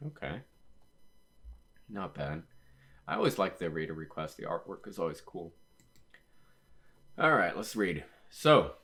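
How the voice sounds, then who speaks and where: Low-voiced man rambling through a comic recap. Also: sing-song, a little slow, long pauses, a bit bright. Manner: rambling, retells scenes with "he was all like"; frequent fillers and self-corrections. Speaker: manga reaction channel host. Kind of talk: casual reaction and read-aloud commentary.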